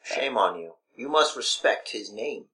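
A man's voice: on the low side, expressive, unhurried, sharp tone. A man co-hosting a podcast, speaking in a pompous, mock-regal formal way. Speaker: podcast co-host. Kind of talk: casual podcast chat.

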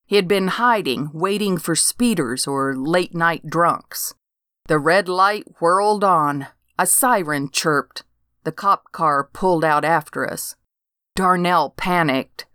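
Slow, wry older woman storyteller. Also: fairly low pitch, fairly bright tone, smooth, no room sound, clean studio sound. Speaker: narrator. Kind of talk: first-person story reading.

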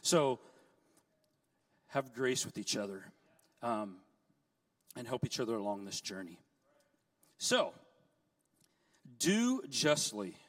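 A middle-aged man preaching a sermon, telling stories in a lively way with joking asides. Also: mid-range voice, slow, pauses often, distant mic. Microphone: handheld mic, set down at times.

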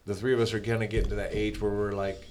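Middle-aged man, low-pitched voice, podcast host, rambling storyteller. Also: little pitch movement, very fast, a little mellow. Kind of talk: casual conversation.

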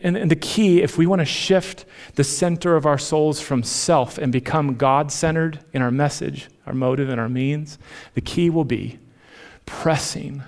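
A male pastor preaching a sermon, addressing the congregation with rhetorical questions and swinging between emphatic rises and soft, hushed passages. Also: medium pitch.

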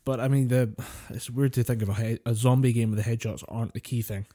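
A man's voice: mid-range voice, fairly even intonation, quick pace, mellow, dry recording. A man co-hosting a podcast in casual chat, a laid-back listener who gives short reactions and dry asides. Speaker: podcast co-host.

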